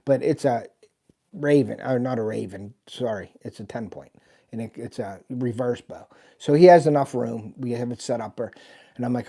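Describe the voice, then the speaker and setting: A middle-aged man hosts a livestream, recounting a day in the deer stand in a loose, rambling storyteller's way. His voice sits at an ordinary pitch but sounds mellow and dark, and he fills the gaps with easy "and, uh" fillers. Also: brisk. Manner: rambling, folksy, lots of "and, uh". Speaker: host of a hunting channel.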